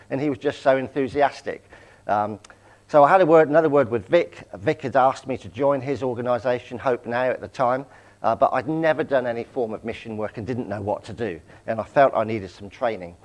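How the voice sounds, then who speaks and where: A man in his sixties from Southampton, giving a personal testimony talk as a guest speaker, anecdotal with self-deprecating humour. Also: mid-range voice. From England, Southampton. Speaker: guest speaker, charity chief executive.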